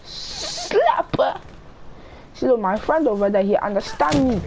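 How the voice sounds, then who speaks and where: A woman's voice: high voice, wildly swooping pitch, takes it slowly, a little mellow, a little hiss or hum. A woman with a Nigerian accent trash-talking in game voice chat, scolding and repeating herself. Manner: scolding, repetitive, threatening to slap. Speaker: gamer in voice chat.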